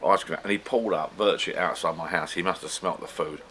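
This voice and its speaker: A man's voice: deep voice, steady tone, quick pace, fairly bright tone, a little hiss or hum. A middle-aged man from the UK, chatting casually and rambling in a home vlog from his garden bar shed. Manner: rambling and chatty, with frequent restarts. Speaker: vlogger.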